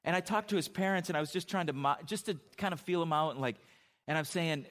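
A man's voice: fairly high pitch, quick pace, fairly bright tone. Conversational middle-aged male pastor. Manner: conversational storytelling with frequent restarts and asides. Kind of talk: sermon.

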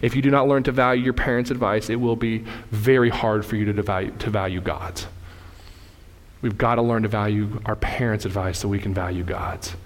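A man in his thirties preaching a sermon to a church congregation, telling family stories with lively, animated delivery. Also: brisk, long reverb tail. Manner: animated storytelling, rising loud and high in anecdotes. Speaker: pastor. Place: church sanctuary.

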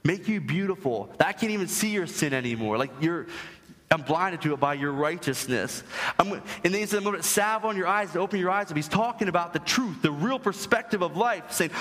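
A man's voice: on the high side, animated, normal speed, fairly bright tone. A young adult man preaching a sermon as pastor, emphatic and rising to strong stress on key points. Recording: long hall reverb.

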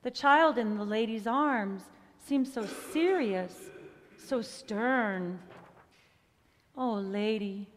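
Woman storyteller, high voice, slow and expressive, long reverb of a large hall. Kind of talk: storybook reading ending in prayer.

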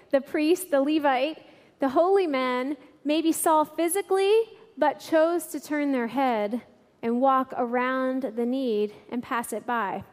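A woman giving a sermon, telling a lively story and laughing through the funny parts. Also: sits high. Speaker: church speaker. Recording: long reverb in a large hall.

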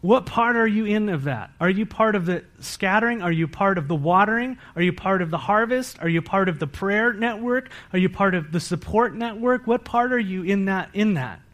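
A man's voice: high voice, expressive, normal speed, hardly any pauses, a bit bright. A man giving a sermon as pastor, earnest and emphatic, with repeated phrases and rhetorical questions to the congregation.

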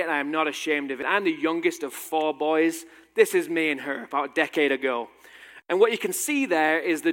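Thirtysomething british guy, slight american tinge, wry personal story talk, voice a bit high, long hall echo. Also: a bit bright. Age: 30s. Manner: wry, self-deprecating humor. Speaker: speaker giving a talk.

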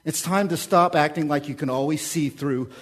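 Emphatic preacher with a higher voice. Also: male voice, moderate pace. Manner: emphatic, swings between loud exhortation and quiet asides; repeats phrases as a refrain. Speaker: pastor. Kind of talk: sermon.

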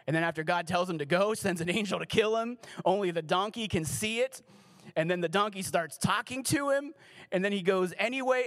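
A man's voice: sits high, fairly bright tone. A man giving a sermon as pastor, reading scripture and adding casual, joking asides.

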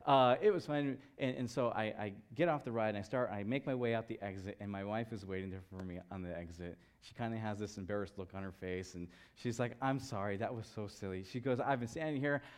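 A man's voice: lowish voice, a little fast, few pauses, clean tone. A man in his thirties preaching a sermon as pastor, telling a story and acting out the people in it. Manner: storytelling, animated voices for quoted people.

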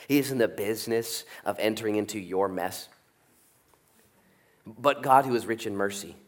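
A middle-aged man preaching a sermon, animated, jumping from loud peaks down to soft asides. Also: mid-range voice. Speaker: pastor. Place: church sanctuary.

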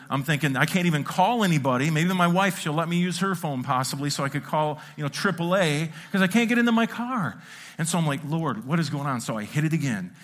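Animated storytelling man preaching. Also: a little high. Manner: animated, self-mocking storytelling with acted-out sounds. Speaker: pastor. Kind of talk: storytelling sermon. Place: church sanctuary.

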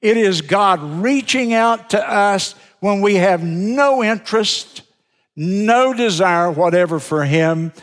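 A male pastor preaches in a church sanctuary, his voice sitting a little high for a man and trailing off into a long hall reverb. He takes his time, speaking slowly and deliberately and hammering key words through repetition. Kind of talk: sermon.

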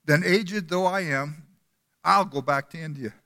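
A man's voice: on the high side, unhurried, pushed and bright. A man voicing an old, dying missionary who pleads urgently, in a long reverberant hall. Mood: resolute.

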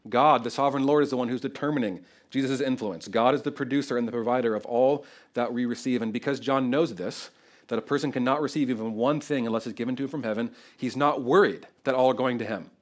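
A male pastor preaching through a Bible passage in a conversational, animated style. His voice sits at an ordinary middle pitch. He keeps asking "right?" to bring listeners along. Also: fast talker. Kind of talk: expository sermon.

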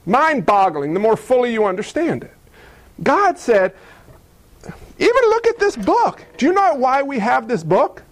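Male pastor, very high voice, lively sermon delivery with acted-out voices. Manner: animated preaching, acting out biblical voices.

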